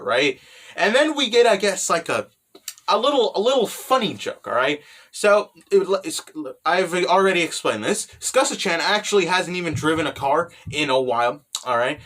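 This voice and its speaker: A man's voice: a little high, animated, normal speed, bright, forceful tone. A man casually recapping a manga chapter, rambling with lots of fillers and tag questions. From United States. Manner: rambling, filler-heavy, keeps asking "right?".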